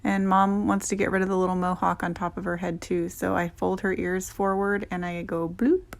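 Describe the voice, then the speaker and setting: Low gravelly-voiced young woman groomer. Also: flat delivery, normal speed. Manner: gentle, chatty and explanatory. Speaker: dog groomer. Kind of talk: voice-over narration of a grooming video.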